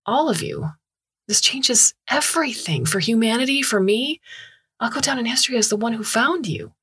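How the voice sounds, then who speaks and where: A woman's voice: low-pitched, moderate pace, slightly rough, no room sound, studio quality. A woman voicing eager young woman astronaut, Chul. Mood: excited. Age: 20s.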